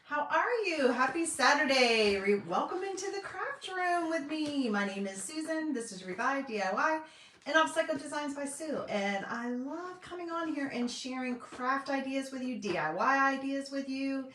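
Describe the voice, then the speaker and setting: A chatty middle-aged woman with a Southern US drawl, talking folksy and loose with plenty of ums on a home live stream. Her voice sits a touch high, and it sounds a little far from the mic in a bouncy, echoey room. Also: animated, moderate pace, a bit bright, a little hiss or hum. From North Carolina. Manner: chatty, folksy, lots of fillers. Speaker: craft vlogger and independent designer. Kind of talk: casual live-stream chat. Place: home craft room, indoors. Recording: echoey room, voice a bit distant.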